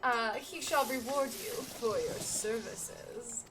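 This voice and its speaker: A woman voicing a pompous male master merchant in a game, slow and grand as he hands out orders. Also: a little high, over music, low-quality recording. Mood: commanding.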